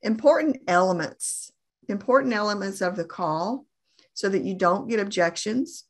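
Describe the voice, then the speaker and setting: A middle-aged woman coaching on phone sales in an earnest, deliberate way, often repeating herself for emphasis. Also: mid-range voice, lively intonation. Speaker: insurance sales trainer.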